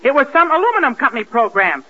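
High, boyish naive male comic. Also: sing-song, fast. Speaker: comedy show regular. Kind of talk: 1940s radio comedy. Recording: lo-fi old radio broadcast recording.

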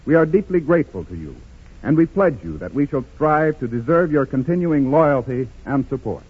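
A man reading a scripted sponsor announcement as a radio announcer, in an upbeat pitchman delivery. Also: animated, moderate pace, breathy edge. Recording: tinny 1930s radio broadcast with music behind.

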